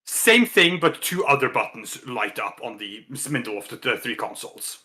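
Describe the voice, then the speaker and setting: A man's voice: mid-range voice, expressive, moderate pace, sharp tone. A man narrating a tabletop role-playing game as game master, chatty and full of filler words.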